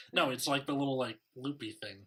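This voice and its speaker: A man's voice: medium pitch, normal speed, a bit bright, slightly rough. A man co-hosting a podcast, reading fanfiction aloud in a put-on British accent and chatting. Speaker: podcast co-host.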